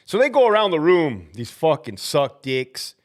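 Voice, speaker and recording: A man with a fairly high voice that swings up and down a lot, talking about his old prison job on a live stream. He is blunt and swears constantly. His storytelling is animated. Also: moderate pace. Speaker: livestream host, former prison officer. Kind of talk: casual livestream chat.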